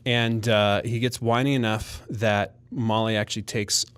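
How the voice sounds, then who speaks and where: A man co-hosting a podcast, telling a long story in a casual, animated way and acting out other people's voices. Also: fairly low pitch, measured pace, smooth. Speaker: podcast co-host.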